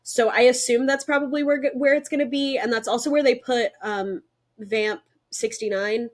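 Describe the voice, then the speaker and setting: A young woman co-hosting a podcast in casual chat, excited and talkative with lots of fillers. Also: fairly high pitch, normal speed. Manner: excited, chatty, many fillers. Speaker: podcast co-host.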